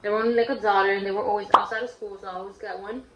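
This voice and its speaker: A young makeup vlogger tells a childhood story casually and with slang while doing a tutorial, shrieking when she quotes her friends. Her mid-range voice is very fast with little pitch movement, and the lo-fi recording is very noisy with a roomy echo.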